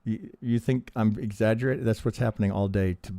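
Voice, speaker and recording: Low mellow guy going over trading charts live, cussing a lot, dry close mic, always saying "right?". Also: steady tone, fairly quick, gravelly, no echo. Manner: profane, emphatic, acts out trader reactions, keeps asking "right?". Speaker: trading teacher reviewing charts on a live stream. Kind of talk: animated live-stream chart analysis.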